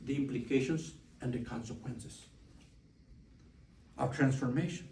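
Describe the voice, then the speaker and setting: In a lecture room, a Mexican man with a Mexican Spanish accent lectures the public in a creaky, warm, medium-pitched voice at a measured pace. Emphatic and repetitive, he stresses key words and asks rhetorical questions. It's recorded roomy and from far off, with slight background noise.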